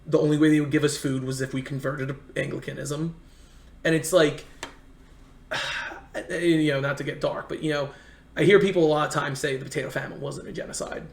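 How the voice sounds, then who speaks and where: A man's voice: fairly high pitch, steady tone, brisk, creaky. A man from the United States telling rambling, earnest travel stories in a casual chat. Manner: earnest, rambling anecdotes with many restarts. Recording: echoey room.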